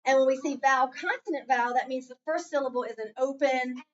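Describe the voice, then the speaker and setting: Lady teacher running reading drills, kinda high voice, far off and muffled in a classroom. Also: quick pace. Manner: patient, call-and-response drilling. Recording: distant, muffled classroom recording.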